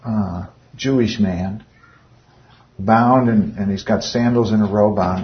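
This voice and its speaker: A man's voice: on the low side, slow, highs cut off. A man leading an informal Bible study, speaking conversationally and often putting rhetorical questions to his listeners.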